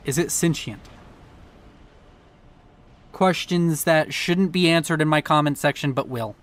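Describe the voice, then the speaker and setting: A man with a fairly high voice casts a strategy match in loose, excitable commentary. His throat is sore from yelling, and he rambles, swears casually and trips over his words as he drifts off topic. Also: dry recording. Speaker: game caster.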